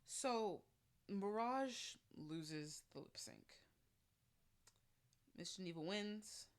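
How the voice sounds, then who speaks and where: A young woman giving an animated, slangy recap of a reality show, acting out the quotes as she goes. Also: medium pitch, extremely slow. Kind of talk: casual recap vlog.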